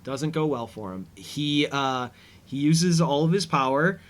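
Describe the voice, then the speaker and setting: A man's voice: a little high, expressive, a little slow. A man hosting a casual episode commentary, rambling easygoing with lots of fillers. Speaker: podcast host.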